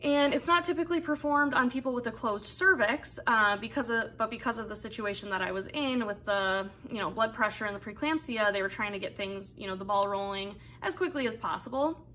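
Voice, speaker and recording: A woman's voice: a little high, brisk, few pauses, bright, forceful tone, slight background noise. A young woman candidly telling a personal story in a casual, rambling way, full of fillers and asides. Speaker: vlogger telling her birth story.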